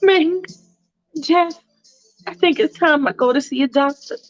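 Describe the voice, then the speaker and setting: A woman voicing a worried middle-aged mother who frets and pleads in a high, fluttery voice. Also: measured pace, muffled recording, faint music behind. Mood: fretful.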